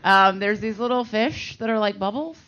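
Female panelist, playful, mid pitch, dull audio with faint noise. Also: moderate pace, a bit bright. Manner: playful, chiming in.

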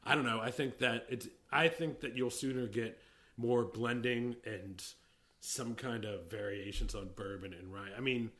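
Middle-aged man, average pitch, loose rambling talker who cuts himself off and laughs a lot; casual podcast co-host. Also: fairly even intonation, normal speed, a bit bright. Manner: rambling, self-interrupting, laughs easily. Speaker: podcast co-host, whiskey industry veteran. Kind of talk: casual chat.

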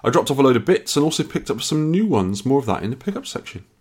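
This man sounds a touch tired and rambles as a podcast co-host, circling back and restarting his sentences. His voice sits at an ordinary middle pitch with a husky, slightly breathy edge. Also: big pitch swings, fast talker, darkish tone. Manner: chatty, rambling storyteller with restarts. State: tired and yawning. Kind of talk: casual chat.

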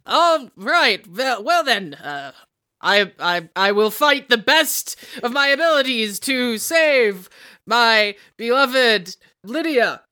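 Woman as a stammering Regency suitor, bright tone, dry close sound, tabletop role-play. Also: a little high, very animated, slow pace, no room sound, exaggerated voice. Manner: stammering, hesitant, wry. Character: young male Regency gentleman, calculating fiancé.

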